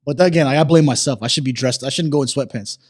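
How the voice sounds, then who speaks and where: Fast-talking man in casual chat. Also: mid-range voice. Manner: quick, agreeable, full of "like" and "right". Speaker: podcast co-host.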